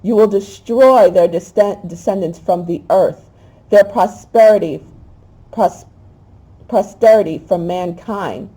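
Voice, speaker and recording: A woman hosting a spiritual talk, reading a prayer aloud in an emotional, halting way. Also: medium pitch, dark tone, husky, rough recording. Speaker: host.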